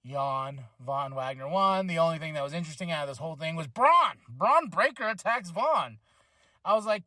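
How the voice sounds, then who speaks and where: A man hosting a podcast, recapping a wrestling show in an excitable, rambling way with many restarts. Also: on the high side, no echo. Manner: acts out wrestlers' lines in quick voices. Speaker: podcast host reviewing wrestling.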